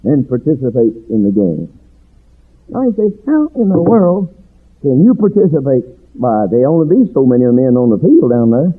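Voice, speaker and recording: A man preaching a sermon in a rhythmic, swooping cadence, building to shouted refrains. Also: mid-range voice, sing-song, normal speed, breathy edge. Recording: tinny phone-like sound.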